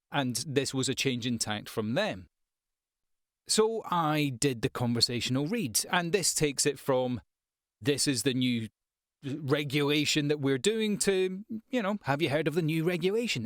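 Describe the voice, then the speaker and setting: A man's voice: mid-range voice, no room sound, clean studio sound. A man hosting a casual voice-over tips video, chatty and self-deprecating, with fillers and restarts. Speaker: voice-over artist and channel host.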